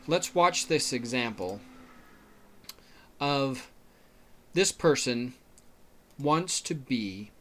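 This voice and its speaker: Slow, bright-voiced man teaching a lesson. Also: mid-range voice, a little hiss or hum. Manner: slow, explanatory, checks in with "okay?", laughs often. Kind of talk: lecture on public speaking.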